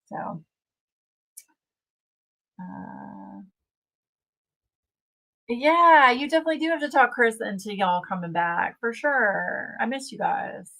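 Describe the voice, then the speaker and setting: Woman host, unhurried chatty live-stream talk. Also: on the high side, expressive, creaky, bright, forceful tone, low-quality recording. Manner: chatty, reads viewer comments aloud. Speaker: livestream host. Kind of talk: casual livestream chat.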